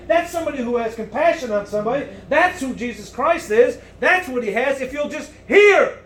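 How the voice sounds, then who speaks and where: Loud, high-voiced man preaching a sermon. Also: animated, fairly quick, hardly any pauses. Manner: loud, emphatic, swings between booming and hushed.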